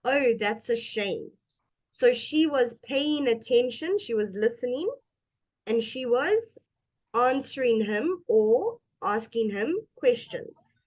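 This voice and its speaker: A woman's voice: fairly high pitch, expressive, a little mellow. A woman teaching English one-on-one, speaking patiently and modeling intonation for her student. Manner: slow, patient, demonstrates intonation. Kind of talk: one-on-one language lesson.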